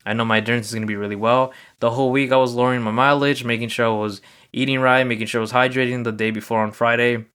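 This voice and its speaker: Man, smooth clear voice, mid pitch, casual solo podcast talk, rambling, filler-heavy storytelling. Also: fairly even intonation, very fast, a bit bright. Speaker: podcast host. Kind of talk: casual solo recap monologue.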